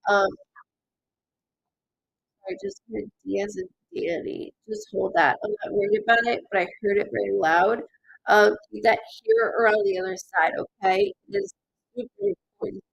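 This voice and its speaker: A woman hosting a live psychic reading stream, halting and stuffed up from crying, calling out names and letters to viewers. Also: mid-range voice, big pitch swings, vocal fry, husky. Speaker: psychic medium host.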